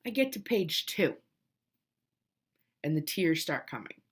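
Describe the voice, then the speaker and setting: A woman in her thirties speaks in a deep, breathy voice at a measured pace. She's a mother telling a family story in a casual, emotional way, animated and full of restarts and quoted voices.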